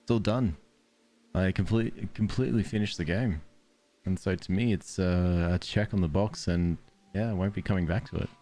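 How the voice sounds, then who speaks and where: A man's voice: low voice, fairly even intonation, moderate pace, dark tone. An Australian man streaming a game, chatting casually and drifting off into rambling stories. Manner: rambling, tangent-prone storytelling. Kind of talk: casual gameplay commentary.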